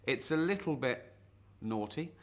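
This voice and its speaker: A man's voice: mid-range voice, animated, a little slow. An actor playing a self-deluded middle-aged male sales rep, rambling awkwardly with lots of ums and nervous chuckles in a comic mock guitar lesson. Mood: awkward boastful. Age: 40s. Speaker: would-be guitar teacher.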